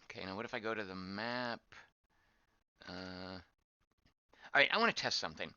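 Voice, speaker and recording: A man's voice: fairly low pitch, normal speed, sharp tone, smooth, no echo. A man giving casual gameplay commentary as he plays, thinking aloud, wondering and reacting to what is on screen. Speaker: game streamer. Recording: dull lo-fi dry voice track.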